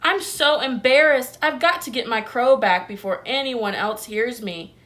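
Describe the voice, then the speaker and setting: A woman voicing an embarrassed male farm rooster who has lost his crow, loud and pleading. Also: a little high, measured pace. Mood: flustered.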